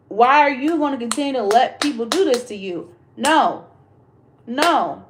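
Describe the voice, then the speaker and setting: A woman's voice: high-pitched, expressive, a little slow, slight background noise. A woman hosting a casual livestream chat, ranting in a blunt, emphatic way and swearing freely. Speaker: livestream host.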